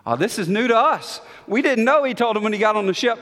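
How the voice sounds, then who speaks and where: A man with a high voice preaches an expository sermon, reading scripture with strong emphasis. His words carry a long reverb from a large church hall. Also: big pitch swings, moderate pace, fairly bright tone. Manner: emphatic, voice rising when reading quoted questions.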